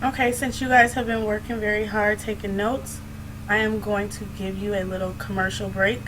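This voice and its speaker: A woman's voice: medium pitch, level tone, normal speed, noisy background. A young woman teacher giving a recorded classroom lesson, explaining patiently step by step and starting many sentences with "so".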